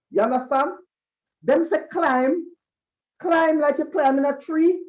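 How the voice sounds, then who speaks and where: A man with a Jamaican accent, emceeing a school concert and speaking to students as a lively storyteller who acts out the voices he quotes. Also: very high voice, moderate pace, muffled recording.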